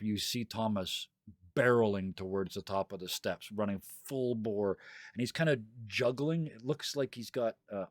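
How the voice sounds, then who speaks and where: A man narrating a tabletop game as game master, casual and halting, with many fillers, over voice chat. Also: mid-range voice, dry recording, clean studio sound.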